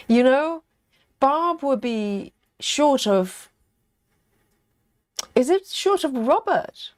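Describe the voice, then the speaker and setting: Slow, lively chatty British woman. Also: medium pitch, no echo, clean studio sound. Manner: chatty, laughs often, muses aloud. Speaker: livestream host reading viewer chat. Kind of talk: casual live chat while cross-stitching.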